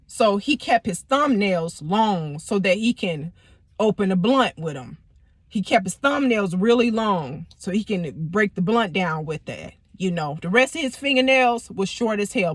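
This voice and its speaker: A woman vlogger with a mid-range voice tells a story in an animated, profane, emphatic way. She speaks casually and repeats herself for effect. The recording is dry and close. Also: mid-range voice, no room sound.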